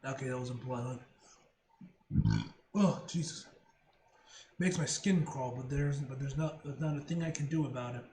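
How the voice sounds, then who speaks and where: A man's voice: mid-range voice, normal speed, long pauses, mellow. A man giving casual comic commentary as a reaction video host, rambling with joking asides and frequent self-corrections. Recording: roomy room, faint noise.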